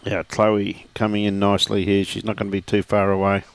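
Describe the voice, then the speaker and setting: A man's voice: on the low side, completely flat delivery, fairly quick, clear, resonant tone. A middle-aged man commentating live lawn bowls in a jokey, matey way. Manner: jokey, matey banter with frequent laughs.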